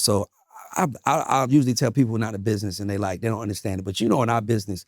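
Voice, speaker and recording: A man being interviewed, telling stories in an emphatic, animated, profane way. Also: on the low side, very fast, dry recording, clean studio sound. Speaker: music manager guest. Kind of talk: casual interview storytelling.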